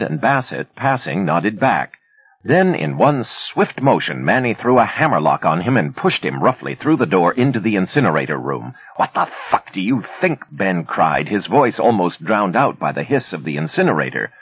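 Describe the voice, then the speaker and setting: A man narrating a thriller with a dramatic, expressive reading. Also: deep voice, normal speed, breathy edge, no room sound, highs cut off. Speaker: audiobook narrator. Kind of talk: scripted narration.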